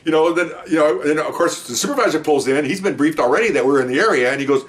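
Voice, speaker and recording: A man with a fairly high voice tells police stories quickly and casually, rambling and restarting as he loudly acts out the voices of the people involved. He sounds recorded from a distance.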